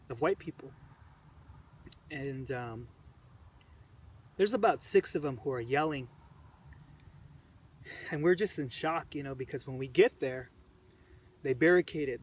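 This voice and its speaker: A man recounting events to the camera in an earnest, halting way, repeating phrases, his voice emotional and choked up. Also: medium pitch. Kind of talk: personal storytelling to camera. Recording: distant mic with faint background noise.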